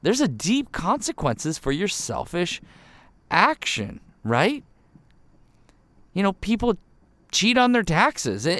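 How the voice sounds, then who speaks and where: A man's voice: fairly high pitch, wildly swooping pitch, measured pace, fairly bright tone, no echo. A man hosting a devotional podcast, speaking earnestly and with emphasis, his voice jumping up on key words.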